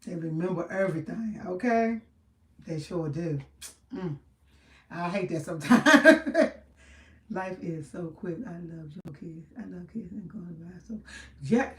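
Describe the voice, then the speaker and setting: A woman's voice: fairly low pitch, animated, measured pace, recorded from a distance. Chatty woman, roomy off-mic sound. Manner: chatty, rambling, laughs often. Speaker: livestream host. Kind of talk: casual live chat with viewers.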